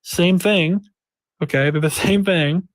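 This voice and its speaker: Man slowly explaining in a dry voice chat. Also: high voice, no echo. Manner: slow, repetitive explaining, drawing out words. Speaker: debater in a voice chat. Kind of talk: casual heated debate.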